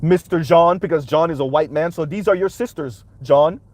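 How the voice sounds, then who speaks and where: A man's voice: a little high, moderate pace, a little mellow, dry recording. A man hosting a reaction commentary, talking emphatically and punctuating his points with rhetorical "right?"s. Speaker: commentary channel host.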